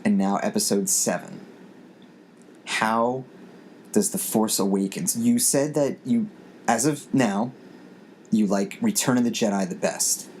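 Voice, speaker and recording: A man's voice: fairly low pitch, unhurried, pauses often, a little mellow. A man in his forties hosting a casual podcast, rambling with many restarts as he thinks aloud. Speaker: podcast host. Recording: faint background noise.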